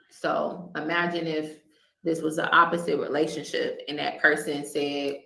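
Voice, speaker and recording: A woman's voice: deep voice, little pitch movement, moderate pace, creaky, sharp tone. A woman guest earnestly recounting a past relationship, restarting her sentences often. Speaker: interview guest. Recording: echoey room.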